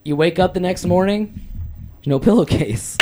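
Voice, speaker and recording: A man's voice: sits high, moderate pace, over a noisy crowd. A young man co-hosting a casual chat, joking and laughing through his stories.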